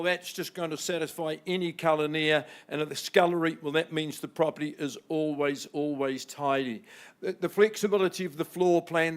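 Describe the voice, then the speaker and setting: A man opening a property auction with a theatrical, flowery sales pitch. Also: fairly bright tone. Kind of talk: auction patter. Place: auction room.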